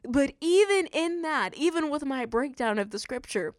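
A woman's voice: high-pitched, moderate pace, dry recording, clean studio sound. A woman hosting a casual Bible study podcast, talking conversationally and acting out quotes. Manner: conversational, animated, acts out quotes with "he's like". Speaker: podcast host.

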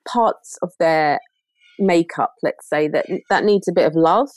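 A woman's voice: fairly low pitch, unhurried, dry recording. A woman speaking as a podcast guest in a casual chat, earnest and reflective, often restarting her sentences.

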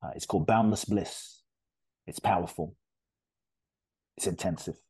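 A man from Ghana, a spiritual teacher, telling a story as a podcast guest in an earnest, animated way. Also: low-pitched, unhurried, slightly rough, no room sound.

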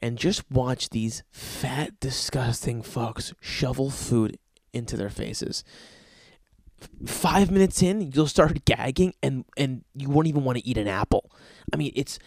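A young man hosts a podcast, spinning rambling, profane comedic stories. His voice has a gravelly grain at a middle pitch. The recording is dry and close. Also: animated, measured pace, a little mellow, no echo. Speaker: podcast host. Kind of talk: casual comedic storytelling monologue.

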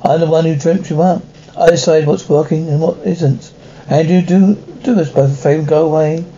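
An actor playing an anxious, possessive graphic novelist who talks in a sarcastic, demanding way. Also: male voice, fairly high pitch, steady tone, normal speed, dark tone, muffled recording, slight background noise, lightly acted. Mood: irritated. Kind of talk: film acting.

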